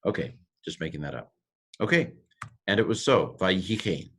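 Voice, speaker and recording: A man teaching a lesson over slides, thinking aloud with many fillers and restarts, and slowing down to sound out words. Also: low-pitched, sing-song, a bit bright. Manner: slows to sound out words and phrases. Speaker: Hebrew teacher.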